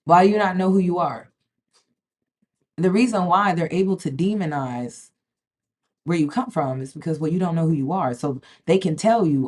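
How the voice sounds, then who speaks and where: Speaking at normal speed in a lowish, darkish voice, a spiritual vlogger talks straight to her viewers in a casual vlog. She is emphatic, stumbles and repeats words, and keeps checking in with "okay?"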